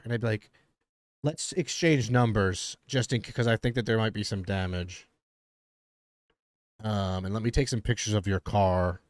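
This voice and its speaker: A man's voice: lowish voice, dry recording. A man streaming a reaction to a TV episode, joking and riffing casually as he talks to his chat.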